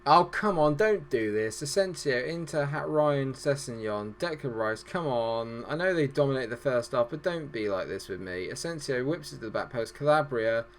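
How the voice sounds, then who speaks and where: Excitable man commentating a game. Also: medium pitch, normal speed, hardly any pauses, a little hiss or hum. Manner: excitable, joking, self-deprecating. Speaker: gaming YouTuber. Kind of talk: football management game commentary. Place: at home desk.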